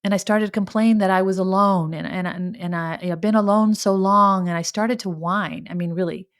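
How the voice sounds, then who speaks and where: A woman's voice: mid-range voice, steady tone, moderate pace. Candid, reflective woman podcaster. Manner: candid, searching, with frequent restarts and self-talk. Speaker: podcast host. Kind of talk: personal reflective monologue.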